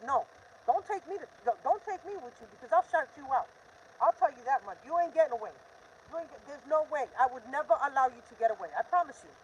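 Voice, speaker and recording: A woman's voice: high voice, expressive, quick pace, lo-fi sound, slight background noise. An older woman hosting a live stream, talking in an urgent, defiant, repetitive rant. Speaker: livestream host.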